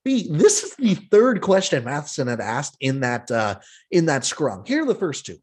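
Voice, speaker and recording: A man hosting a casual sports podcast, ranting in an exasperated, animated way with some swearing. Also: a little high, normal speed, slightly rough. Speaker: podcast host.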